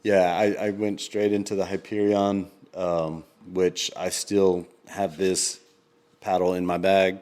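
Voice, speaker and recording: Deep-voiced man rambling on a podcast. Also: flat delivery, darkish tone. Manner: rambling, full of ums and quick laughs. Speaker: podcast co-host. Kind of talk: casual chat.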